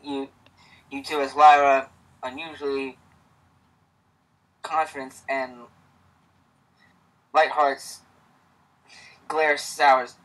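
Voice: mid-range voice, little pitch movement, extremely slow, pauses often, a bit bright, poor audio. Stammering reader rambling outdoors. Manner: stammering, rambling, self-correcting. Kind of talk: reading a fan story aloud with chat. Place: outdoors in the cold.

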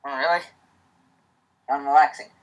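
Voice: medium pitch, steady tone, normal speed, poor audio. Stammering reader rambling outdoors. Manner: stammering, rambling, self-correcting. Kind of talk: reading a fan story aloud with chat. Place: outdoors in the cold.

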